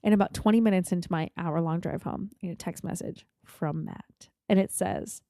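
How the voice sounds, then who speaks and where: A woman guest on a podcast, telling a long anecdote in an animated, profane way. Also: lowish voice, fairly quick, creaky, few pauses, no echo, clean studio sound.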